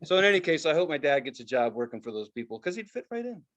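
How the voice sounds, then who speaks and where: Animated high-voiced man, crude comic chat. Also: fast. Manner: animated, profane, loud impressions of others. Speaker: podcast co-host. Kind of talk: casual comedic chat.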